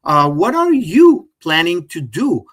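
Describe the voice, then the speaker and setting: Slow, enthusiastic man with Venezuelan Spanish accent. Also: sits high, very animated, a bit bright. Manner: enthusiastic, chatty, addresses viewers directly. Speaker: genealogy presenter. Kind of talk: live webinar presentation.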